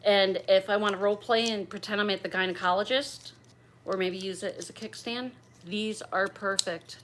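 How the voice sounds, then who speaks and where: Opening gifts on her livestream, a middle-aged host chats in a gushing, bubbly, slightly raunchy way. She speaks in a mid-range, steady voice with a fairly bright tone and moderate pace.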